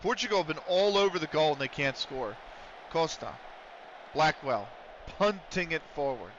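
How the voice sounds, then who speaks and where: A man's voice: on the high side, lively intonation, moderate pace, fairly bright tone, muffled recording, slight background noise. A man livestreaming a game, chatting casually with viewers, swearing freely and breaking into play-by-play calls. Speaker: streamer.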